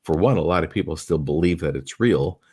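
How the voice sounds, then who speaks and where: A middle-aged man, a stage illusionist, telling animated anecdotes in a podcast interview and acting out the people he quotes. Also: a bass voice, a little fast, slightly rough.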